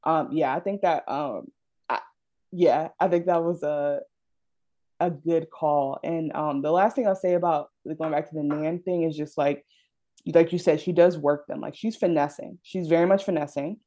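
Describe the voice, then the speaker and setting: A woman co-hosting a casual TV recap chat, relaxed, thinking aloud with fillers. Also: sits low, normal speed. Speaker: podcast co-host.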